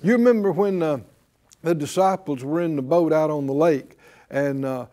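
A man's voice: on the high side, moderate pace, dark tone. A man preaching a sermon as pastor, drawing responses from the congregation with rhetorical questions and repeated key phrases.

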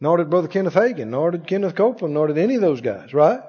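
A man preaching a sermon as pastor, emphatic, swinging from loud declarations to hushed asides. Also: on the high side, lively intonation, quick pace, husky. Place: church sanctuary. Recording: dull echoing church hall.

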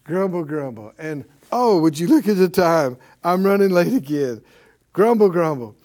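A man's voice: fairly high pitch, animated, normal speed, warm tone, lightly acted. A man voicing a tired man who mutters complaints about his morning. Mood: grumbling.

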